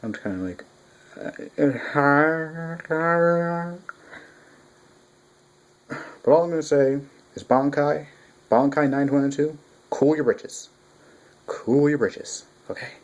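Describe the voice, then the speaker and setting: A man giving a casual spoken manga review, rambling and excitable, with frequent restarts and swearing. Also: medium pitch, normal speed, dull audio.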